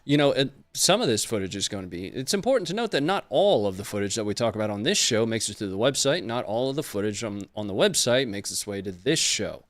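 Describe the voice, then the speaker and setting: A man's voice: fairly low pitch, sing-song, quick pace, hardly any pauses, no room sound. Casual American male livestream host. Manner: loose, joking, greets chat by place names.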